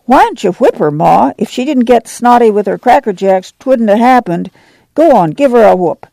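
A sulky tattletale boy, put on by a man reading, whiny and pushy in a rural dialect. The voice is pushed up high and sounds a touch loud. There is a gravelly edge and a dry close sound. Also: animated, moderate pace, no echo, heavily acted, rough recording.

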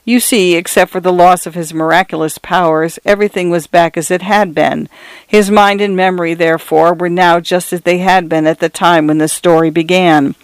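A man narrating a story in a measured, dramatic way, sometimes turning to speak to the listener directly. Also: sits high, fairly even intonation, clean tone, dry recording.

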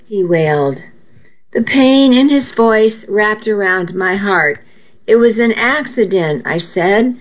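A woman reading a first-person novel aloud in a measured, intimate storytelling manner, heard on a dull lo-fi recording. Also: mid-range voice. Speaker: audiobook narrator.

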